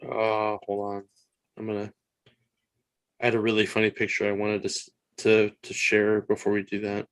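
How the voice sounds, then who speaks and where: A man with a low voice on a podcast, chatting casually while he searches for something on screen. The sound is dry and close, with no room around it. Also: monotone, moderate pace, a bit bright, clean tone, no echo. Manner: distracted, talking while hunting for a file. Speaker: podcast co-host. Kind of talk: casual chat.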